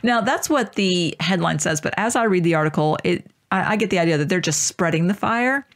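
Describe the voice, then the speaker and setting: A woman's voice: fairly low pitch, expressive, brisk. Giggly woman reading out news stories. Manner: laughs often, relays news stories. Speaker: podcast co-host. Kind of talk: casual chat.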